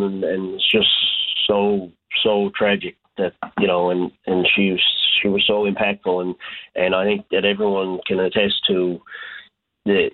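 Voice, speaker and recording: Coach guy on a tinny phone line, kinda low voice, stumbles and restarts a lot. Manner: halting, many restarts and fillers. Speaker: hockey coach. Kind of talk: phone interview.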